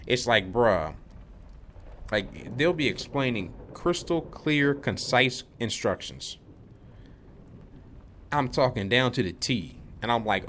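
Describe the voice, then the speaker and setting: A man's voice: lowish voice, expressive, unhurried, a bit bright, slight background noise. A young man vlogging, telling a rambling, laid-back story about work, full of slang. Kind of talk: casual rambling monologue.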